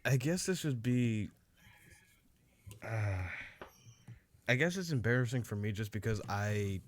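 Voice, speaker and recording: A man's voice: medium pitch, measured pace, slight background noise. A man hosting a casual podcast, rambling through a crude story with many restarts. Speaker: podcast host. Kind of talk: casual chat, telling a story.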